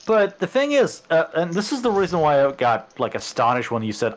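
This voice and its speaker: A man's voice: medium pitch, sing-song, normal speed, few pauses. A man co-hosting a podcast in casual chat, exasperated and swearing freely. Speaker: podcast co-host.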